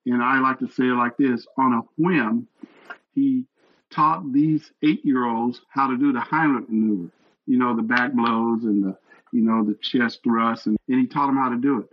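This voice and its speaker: A man's voice: medium pitch, normal speed, highs cut off. A man in his sixties, a retired fire captain, telling stories earnestly as an interview guest. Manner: earnest, animated storyteller. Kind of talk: storytelling interview.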